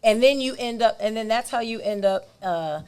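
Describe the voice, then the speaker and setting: Woman therapist just chatting on a podcast, calm explaining, laughs a lot. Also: on the high side, normal speed, clean tone. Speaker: therapist guest. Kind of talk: casual podcast chat.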